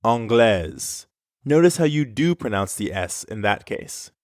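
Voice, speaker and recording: A man co-hosting a scripted language lesson, explaining clearly. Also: on the low side, sing-song, measured pace, a little mellow, no echo, clean studio sound. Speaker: French teacher.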